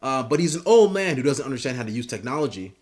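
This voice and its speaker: A man's voice: mid-range voice, sing-song, fast. Casual rambling young man riffing. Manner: rambling, filler-heavy, profane. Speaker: YouTube commentator. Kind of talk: casual comedic commentary.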